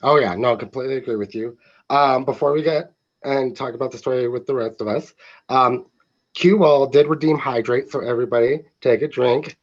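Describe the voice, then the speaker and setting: A man's voice: medium pitch, brisk. A man hosting a casual film review talk show, easily steering the conversation between his guests. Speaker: host. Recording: dull lo-fi audio.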